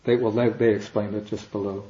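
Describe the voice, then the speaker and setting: Man, language lecture, patient, step-by-step, mellow tone, echoey lo-fi room. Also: fairly low pitch, flat delivery, fairly quick. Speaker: language teacher. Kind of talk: classroom lecture. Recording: dull, echoey classroom recording.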